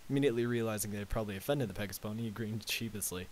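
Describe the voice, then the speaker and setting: Low-voiced guy reading a story, trips on words, bit of hiss. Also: fairly even intonation, rough recording. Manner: halting, with slips and self-corrections. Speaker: amateur reader. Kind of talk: reading fan fiction aloud. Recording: faint tape hiss.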